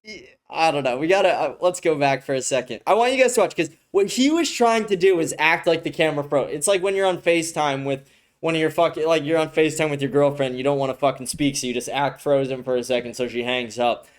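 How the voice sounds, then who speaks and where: A young man hosts a podcast and comments on a clip. He talks in a loose, rambling way with plenty of profanity. His voice sits a little high for a man. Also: fast talker. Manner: rambling, frequent swearing, restarts. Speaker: podcast host.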